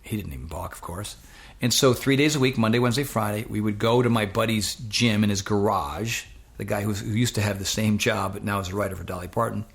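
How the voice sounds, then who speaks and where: Middle-aged man, interview guest: low gravelly voice, animated storyteller. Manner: animated anecdote-telling, acts out quoted voices. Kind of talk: casual storytelling.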